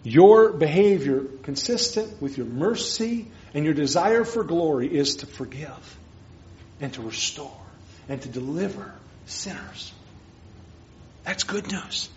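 A man preaching a sermon as pastor, earnest, moving between hushed and emphatic lines. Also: mid-range voice. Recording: dull lo-fi sermon recording.

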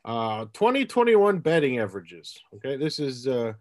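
A man hosting a casual sports podcast, talking in a rambling, halting way with lots of fillers. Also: mid-range voice, big pitch swings, a little mellow, dry recording, studio quality. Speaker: podcast host.

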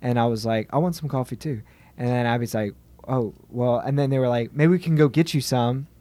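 A man's voice: mid-range voice, no echo. A man, telling a story in casual chat and playing out the voices of others. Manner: animated, quick to laugh, quotes others.

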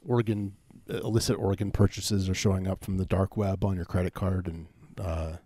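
A man co-hosting a casual comedy podcast, talking in a halting way as he builds dark, absurd details. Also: deep voice, flat delivery, no echo. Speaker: podcast co-host. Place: home, remote call.

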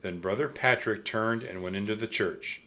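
A man reading a children's chapter book aloud. His voice is bright and clear. He reads steadily and expressively. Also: lowish voice, normal speed. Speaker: narrator. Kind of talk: audiobook storytelling.

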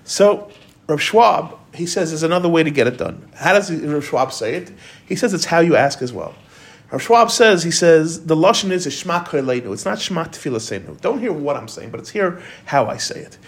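A man's voice: on the high side, lively intonation, normal speed. A man giving an informal Torah class, talking conversationally and quoting commentators.

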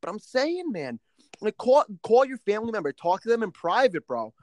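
Young man, high voice, rambling and profane, casual podcast banter, dry close sound. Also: big pitch swings, moderate pace, dry recording, poor audio. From New Jersey. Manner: loose, rambling, heavy on filler words and swearing. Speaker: podcast co-host.

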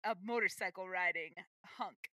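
A woman's voice: medium pitch, normal speed, pushed and bright, dry recording. A woman co-hosting a podcast, chatting casually with enthusiastic, rambling asides. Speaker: podcast co-host. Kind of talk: casual chat.

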